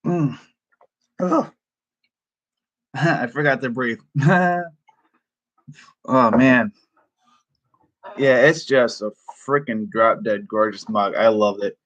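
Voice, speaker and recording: Slow-talking excitable man streaming from home. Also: medium pitch, lo-fi sound. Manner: excitable, chatty, laughs often. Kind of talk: casual live-stream chat. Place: home room.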